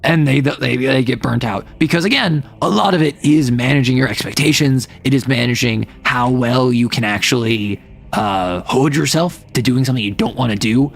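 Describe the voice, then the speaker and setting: A young adult non-binary streamer chatting casually and rambling, often sliding between higher and lower voice registers. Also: moderate pace. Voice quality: some gravel in the voice. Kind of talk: casual live-stream chat.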